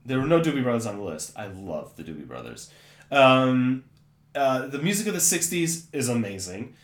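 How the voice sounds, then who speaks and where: A man's voice: mid-range voice, sing-song, moderate pace, echoey room. A man co-hosting a casual podcast chat, opinionated and rambling, often trailing off while searching for names. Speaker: podcast co-host.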